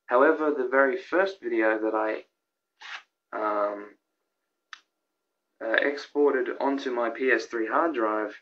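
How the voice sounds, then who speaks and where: A young man talks in a casual, rambling way, getting excitable and tripping over his words as he restarts sentences. His voice sits at an ordinary pitch, and the home recording sounds a little dull and lo-fi. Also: takes it slowly, long pauses. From Australia. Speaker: YouTuber presenting a countdown of his own videos. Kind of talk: casual vlog commentary.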